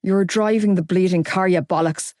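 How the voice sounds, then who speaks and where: Woman doing a gruff young guy, rattled but placating, lowered voice, dry close mic. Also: fairly even intonation, moderate pace, a little mellow, no echo, natural voice. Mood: distressed, placating. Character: big distressed young Irish man, gruff.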